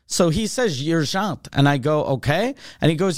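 A man in his thirties tells a story on a podcast, his voice sitting a little high and sounding close and dry with no room around it. He talks in a loose, animated way and swears constantly. He voices every person in the story himself. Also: unhurried, hardly any pauses, smooth, no echo. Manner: animated, swears constantly, acts out both sides of dialogue. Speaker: comedian podcast host. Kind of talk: casual storytelling chat.

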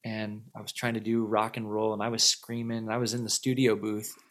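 A man's voice: lowish voice, monotone, fairly quick, fairly bright tone. A man in his thirties, a musician guest in an interview, telling a long story in a casual, rambling way with many fillers and repeated words.

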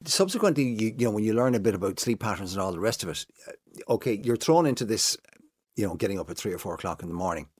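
Low-voiced man telling stories. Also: fast, husky, no echo, clean studio sound. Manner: animated storyteller, jumps high to mimic others. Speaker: guest, former breakfast TV presenter. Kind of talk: casual chat.

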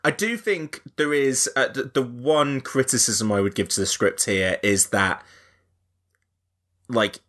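A man hosting a casual film discussion, talking in an animated way. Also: mid-range voice, measured pace. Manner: animated, dramatic when reading a quote aloud. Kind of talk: casual chat.

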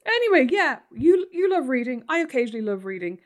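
A woman co-hosting a podcast with her sister, teasing and animated, often breaking into laughter. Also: high-pitched, quick pace. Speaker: podcast co-host. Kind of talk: casual chat between sisters.

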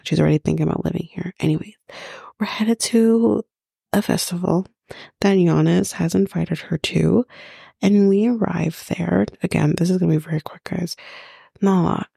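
A woman's voice: lowish voice, moderate pace, gravelly, mellow, slightly rough, no room sound, clean studio sound. A woman hosting a podcast, recapping a reality show in casual chat, blunt and mocking, swearing freely. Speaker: podcast host.

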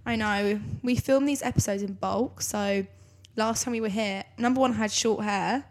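Brief: woman in her 20s, co-host, croaky hoarse voice, blunt and chatty with the odd swear. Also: medium pitch, fairly even intonation, moderate pace, a little hiss or hum. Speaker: podcast co-host. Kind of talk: casual chat.

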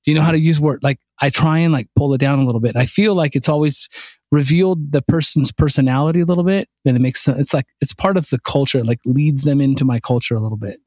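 A man's voice: medium pitch, fast, no echo. A man in casual podcast chat, a contracting business owner telling stories and acting out dialogue. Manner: animated storyteller, acts out dialogue.

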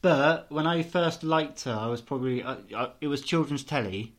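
Man in his thirties, mid-pitched, teasing podcast co-host. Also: moderate pace. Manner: chatty, teasing. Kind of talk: casual chat.

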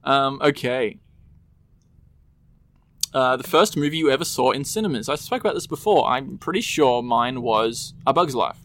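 A man's voice: medium pitch, animated, normal speed, fairly bright tone, no echo. A man co-hosting a casual podcast chat, rambling easily and often quoting movies. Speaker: podcast co-host. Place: home room.

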